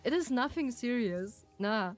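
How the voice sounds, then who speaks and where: A woman's voice: on the high side, lively intonation, unhurried, soft background music. A woman with a German accent, a native German speaker chatting casually with her viewers as a streamer, playful and teasing and laughing often.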